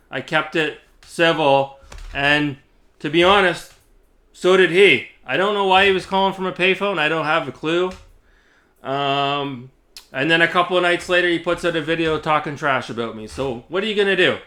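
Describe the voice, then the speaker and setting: Male vlogger, casual and sweary rant, bright forward tone. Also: fairly high pitch. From Canada. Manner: profane, sarcastic, ranting with frequent laughs. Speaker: YouTuber.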